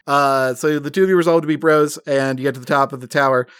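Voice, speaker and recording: A man running a comedic tabletop game, telling the story with plenty of laughter and stray fillers. His voice sits at a middling pitch and sounds dry and close to the mic. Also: fairly even intonation, quick pace, fairly bright tone, clean tone, no room sound. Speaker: game master.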